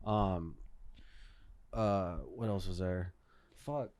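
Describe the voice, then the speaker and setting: A man's voice: deep voice, steady tone, very slow, darkish tone, dry recording. Casual male podcast co-host, profane rambling storyteller, clean dry close-mic sound. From Phoenix, Arizona. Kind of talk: casual chat.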